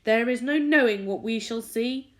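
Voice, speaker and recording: A woman voicing a bossy, rowdy male centipede in a storybook reading, shouting impatiently. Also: fairly high pitch, expressive, normal speed, lightly acted. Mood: exultant.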